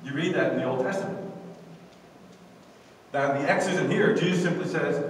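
A man's voice: fairly high pitch, normal speed, long pauses. A man preaching a sermon as pastor, emphatic with call-and-response, recorded from a distance in a church sanctuary. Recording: echoey hall from far off.

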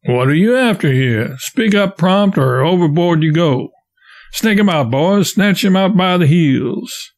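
A man reading the part of a rough raftsman who threatens to throw a stowaway overboard. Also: medium pitch, very animated, moderate pace, few pauses, natural voice. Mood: threatening.

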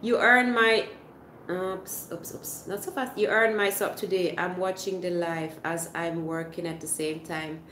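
A woman's voice: lowish voice, fairly even intonation, a little slow, bright, forceful tone, a little hiss or hum. Chatty Swiss woman livestreaming in a roomy space. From Switzerland. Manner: chatty, explains with many fillers and restarts. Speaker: livestream host reading chat. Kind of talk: casual live chat.

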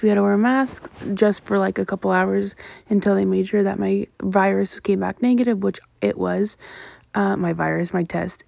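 A woman's voice: medium pitch, vocal fry, mellow, no echo. A young woman vlogger narrating a casual year recap over her clips, chatty and rambling with many ums and self-corrections.

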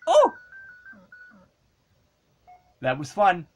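A woman giving casual commentary while playing an old handheld game, excitable and swearing and yelling at the screen. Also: lowish voice, extremely slow, soft background music. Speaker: let's play gamer.

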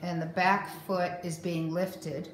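A woman dog trainer explaining a grooming-table exercise, breaking into loud, excited praise and cues for the dog. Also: lowish voice, slow pace, a little hiss or hum. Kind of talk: hands-on training demo.

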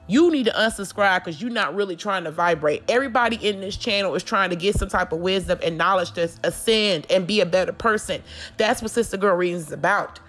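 A woman's voice: mid-range voice, fairly quick, fairly bright tone. A woman doing a casual tarot reading, talking bluntly and confrontationally with lots of swearing. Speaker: tarot reader.

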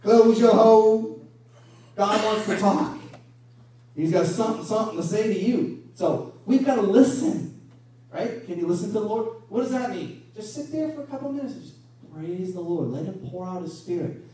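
A man preaching a sermon as pastor, animated and full of rhetorical questions, recorded from a distance in a church hall. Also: sits high, brisk, a little hiss or hum. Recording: echoey room from a distance.

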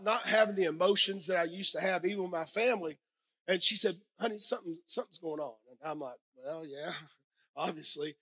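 A male pastor in his fifties gives a sermon with a high, bright voice. He talks plainly and personally, circling back on phrases for emphasis and inviting the congregation to answer back. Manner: conversational preaching, repetitive emphasis, audience call-and-response.

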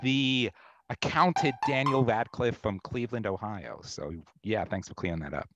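A man's voice: mid-range voice, normal speed, a bit bright, lo-fi sound, slight background noise. A man performing improv comedy on a video call, wry and hesitant with many fillers.

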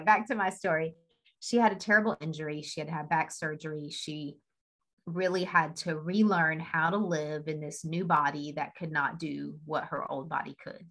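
A woman's voice: low voice, fairly bright tone, low-quality recording. A woman speaking on a team video call, telling a story in a chatty way and laughing often. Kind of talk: casual motivational talk.

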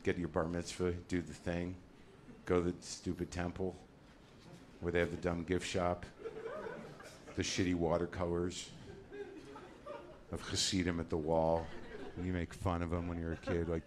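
A man's voice: completely flat delivery, normal speed, pauses often. An American man doing stand-up comedy on a theater stage, ranting in a sardonic way, with a live audience laughing behind him. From United States. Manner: ranting, sardonic, acts out characters in shrill high voices. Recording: noisy live stage recording.

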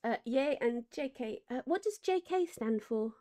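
A woman's voice: high-pitched, lively intonation, a little slow, warm tone. Giggly chatty woman streamer. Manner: giggly, chatty, reads chat aloud. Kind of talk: casual chat while gaming.

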